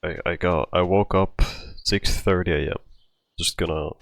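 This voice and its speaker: A man's voice: low voice, steady tone, moderate pace, no room sound. A man telling a rambling personal story in casual talk, out of breath, often restarting his sentences. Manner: rambling, with many restarts and fillers. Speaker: storytime vlogger.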